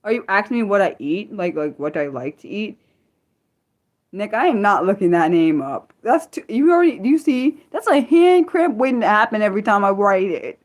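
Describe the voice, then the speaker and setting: A young woman from the United States talks to her livestream viewers in loose, unscripted chat. Her voice swings widely in pitch as she bursts into disbelief and then trips over her own restarts. She sounds animated and excitable throughout. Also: moderate pace. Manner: excitable, incredulous outbursts, stumbling restarts. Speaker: livestream host. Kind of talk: casual livestream chat reading viewer comments.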